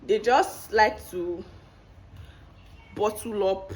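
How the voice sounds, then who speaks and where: A woman with a Nigerian accent, talking to camera in a chatty vlog, animated and laughing often as she tells a story, recorded at home on a clip-on mic. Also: medium pitch, slow pace, pauses often, soft background music. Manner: animated, laughs often, talks with lively emphasis. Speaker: vlogger. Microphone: clip-on microphone.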